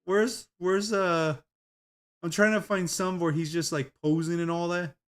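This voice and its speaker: Man, slightly high voice, streamer, casual video commentary, giggly, rambling, swears freely. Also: fairly even intonation, measured pace, clean tone. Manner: giggly, laughs often at what he watches; loose, profane and rambling.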